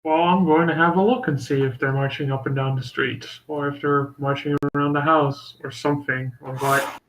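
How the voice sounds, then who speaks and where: Man player, slightly high voice, amused chatter. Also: fairly even intonation, moderate pace, fairly bright tone, a little hiss or hum, rough recording. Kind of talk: casual tabletop play.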